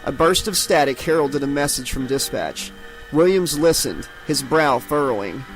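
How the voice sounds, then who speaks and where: A man's voice: mid-range voice, lively intonation, normal speed, faint music behind, rough recording. A man narrating an unabridged horror audiobook dramatically, giving each character its own voice.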